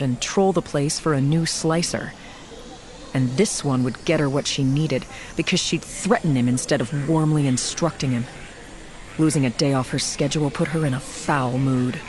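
An audiobook narrator reads in a steady, measured way at a middle pitch. The delivery is even and clear, giving the story room to unfold. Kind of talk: scripted narration.

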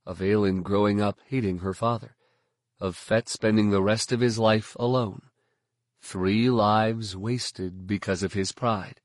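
A man reading scripted audiobook narration in a steady, even storytelling manner. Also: on the low side, measured pace, dry recording, studio quality.

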